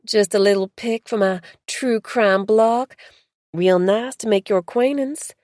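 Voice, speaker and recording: A woman's voice: mid-range voice, a little slow, darkish tone, no echo, studio quality, voice pushed up, natural voice. A woman voicing a brash American tourist and true crime blogger with a Southern drawl, effusive and over-familiar. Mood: gushing. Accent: Southern US, put on.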